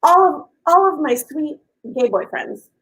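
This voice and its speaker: A woman in her fifties hosting a casual live stream, gushing and talking loudly to her viewers. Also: high voice, animated, measured pace, poor audio. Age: 50s. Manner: effusive and gushing, talks loudly.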